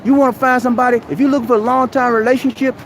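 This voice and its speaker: Very high-voiced man preaching outdoors. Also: steady tone, very fast, slight background noise. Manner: preachy, exhorting, keeps calling the listener "man". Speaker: live-stream host. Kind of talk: motivational advice rant. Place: outdoors at a busy shopping mall.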